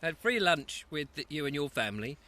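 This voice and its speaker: A man's voice: fairly high pitch, sing-song, brisk, bright, forceful tone. A man hosting a casual live stream at an allotment, chatting and reading out viewer comments between mouthfuls. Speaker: host. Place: outdoors at an allotment. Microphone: lapel mic.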